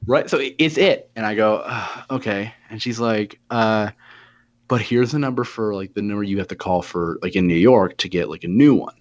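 A young man in his twenties, with a lowish voice, tells a story in loose casual chat. He swears often and slips into quoted back-and-forth. The audio sounds a little dull and lo-fi. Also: a little fast, few pauses. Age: 20s. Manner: profane, animated retelling with quoted dialogue.

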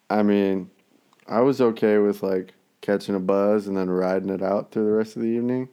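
A man in his thirties, a dad, in casual chat, blunt and quick to swear, laughing along. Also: fairly low pitch, warm tone, clean tone. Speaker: friend chatting, a dad.

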